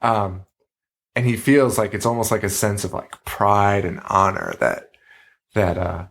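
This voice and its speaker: A man co-hosting a podcast in casual chat, animated, swearing freely and laughing often. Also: on the low side, unhurried, vocal fry. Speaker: podcast co-host.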